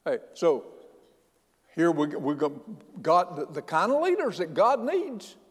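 A man's voice: a little high, huge pitch swings, measured pace, husky, big-room sound. A man preaching a sermon as pastor, folksy and emphatic, often starting with "hey" and restarting lines.

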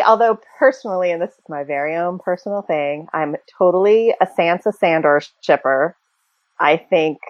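A woman's voice: fairly low pitch, dry recording, lo-fi sound. A woman co-hosting a casual fan podcast, chatting and speculating freely, with many fillers and small laughs. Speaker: podcast co-host.

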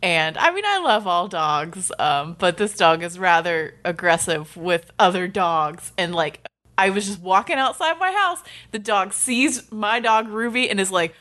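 Woman co-host, casual podcast chat, animated storyteller, swears freely, medium pitch. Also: a little slow.

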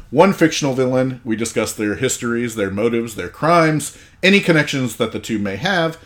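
A man hosting a podcast in casual banter, swearing freely and laughing between jokes. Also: medium pitch. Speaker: podcast host.

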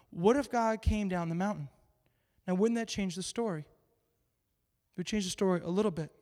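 A man's voice: high voice, moderate pace, long pauses, darkish tone. A man giving a casual, joking sermon to an audience, asking many rhetorical questions in a conversational way. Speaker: preacher. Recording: long reverb in a large hall.

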